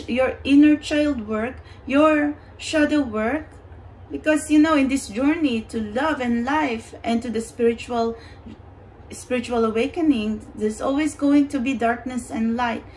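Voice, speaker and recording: A woman's voice: a little high, a little hiss or hum, poor audio. A woman giving a pick-a-card tarot reading in an earnest, reassuring way, often saying "you know" and "okay".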